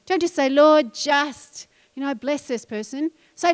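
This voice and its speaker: A woman pastor preaching a sermon, emphatic and animated, dropping into quiet asides. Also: high voice, measured pace, few pauses.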